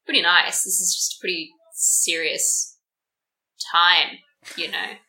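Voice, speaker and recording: A woman playing a tabletop game, talking in a soft-spoken, hesitant way. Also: lowish voice, little pitch movement, slow, low-quality recording. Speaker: player.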